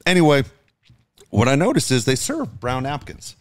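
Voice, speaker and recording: A middle-aged man co-hosting a podcast, telling stories in animated, profane casual chat. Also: mid-range voice, normal speed, no room sound, studio quality. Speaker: podcast co-host, father.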